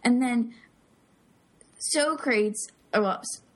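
A woman in casual chat, animated and laughing as she recalls scenes. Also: medium pitch, brisk. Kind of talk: casual chat about a movie.

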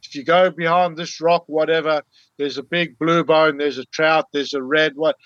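A man's voice: a little high, steady tone, moderate pace, fairly bright tone, no echo, muffled recording. Man explaining things casually. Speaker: podcast guest. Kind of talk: casual storytelling.

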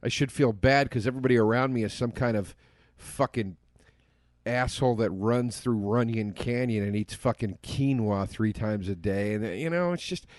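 A man's voice: mid-range voice, moderate pace, a little mellow, no echo, clean studio sound. A man co-hosting a podcast, ranting in a bleak, profane, casual way. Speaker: podcast co-host. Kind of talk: casual chat.

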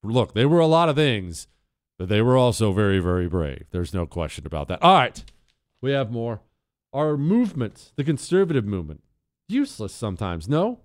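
A man's voice: mid-range voice, very animated, moderate pace, no echo, clean studio sound. A man in his forties hosting a talk radio show, delivering a monologue with joking, self-mocking banter.

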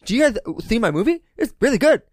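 A man putting on a high, lisping, bubbly voice as an impression of an upbeat actor plugging his movie. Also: sing-song, quick pace, breathy edge, no echo, clean studio sound, heavily acted. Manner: lisping, bubbly, self-promoting.

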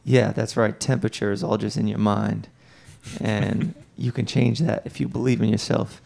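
A man's voice: lowish voice, flat delivery, moderate pace, gravelly, darkish tone. A man co-hosting a podcast in casual chat, joking and rambling through his complaints and reading ads. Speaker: podcast co-host.

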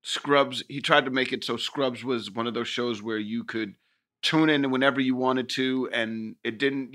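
Male podcast co-host, bright sharp tone, teasing and jokey. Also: medium pitch. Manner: joking, teasing, swears casually. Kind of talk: casual chat.

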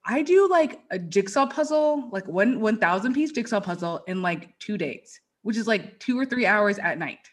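A woman's voice: mid-range voice, lively intonation, moderate pace, hardly any pauses. A woman guest on a podcast, talking earnestly and casually about her faith and purpose, with a lot of "like" fillers. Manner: earnest and faith-driven, peppered with "like". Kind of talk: casual interview chat.

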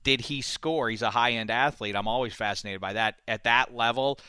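A man's voice: mid-range voice, brisk, sharp tone, clear, resonant tone, dry recording, clean studio sound. A man hosting a podcast in casual chat, playful and teasing.

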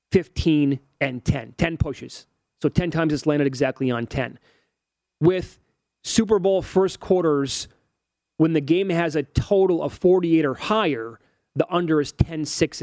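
On a sports betting show, this co-host in his forties analytically rattles off odds and stats in casual chat. His voice is a little high and darkish, with no echo.

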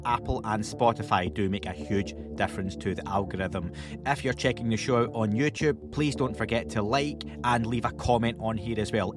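A man from Glasgow with a Scottish accent, hosting a podcast in a friendly, wry way and reading plugs briskly. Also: fairly low pitch. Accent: Scottish, Glaswegian. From Scotland, Glasgow. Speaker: podcast host. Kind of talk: casual interview and scripted outro.

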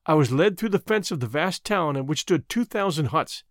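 A man narrating an adventure novel as an audiobook in an expressive, measured storytelling manner. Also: on the high side, dry recording, clean studio sound.

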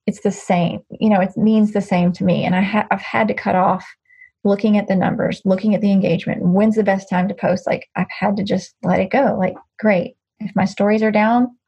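A woman's voice: medium pitch, steady tone, a little fast, gravelly, warm tone, slightly rough, muffled recording. A woman speaking as an interview guest in a casual, candid chat, rambling with frequent restarts. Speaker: guest, social media creator.

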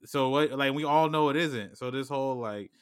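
A man in casual chat, laid-back and profane, reacting quickly to a story. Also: mid-range voice, smooth, dry recording, clean studio sound.

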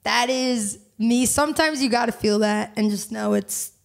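A bubbly young woman talking as a podcast guest, with a voice pitched a bit high. She laughs often and fills her talk with "like" and "you know," in a loose, casual flow. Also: moderate pace, vocal fry.

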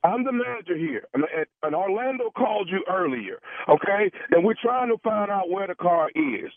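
A man pulls a prank over the phone, stammering, hedging and pleading as he goes. His voice sits high and comes through thin and dry, like a phone line. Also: big pitch swings, moderate pace, no echo. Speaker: radio prank caller.

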